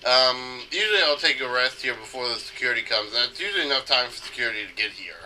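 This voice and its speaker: A man's voice: mid-range voice, animated, fast talker, slight background noise, rough recording. A man giving casual, hesitant gameplay commentary, rambling with fillers. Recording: loud video game music behind.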